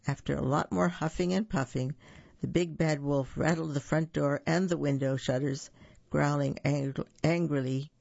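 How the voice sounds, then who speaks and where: A storyteller reading a fairy tale aloud in a lively, playful way. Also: medium pitch, normal speed, creaky, no room sound, dull audio.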